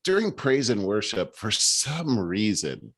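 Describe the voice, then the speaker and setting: A man in his fifties co-hosting a casual talk show, emotional and quick to laugh, rambling with many restarts. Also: lowish voice, sing-song, slightly rough. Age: 50s. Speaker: podcast co-host. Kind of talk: casual chat.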